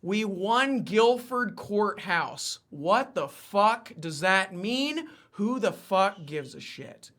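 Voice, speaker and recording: Crude, gloating British soldiers , as a man mimics them, drawling slowly in mockery. The voice is bright and clear-toned. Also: high-pitched, sing-song, exaggerated voice. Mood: mocking.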